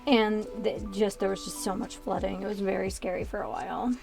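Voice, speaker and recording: A woman's voice: mid-range voice, normal speed, creaky, warm tone, soft background music. A woman in her thirties chatting casually while building Lego on a stream, rambling through many asides from a small converted closet. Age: 30s.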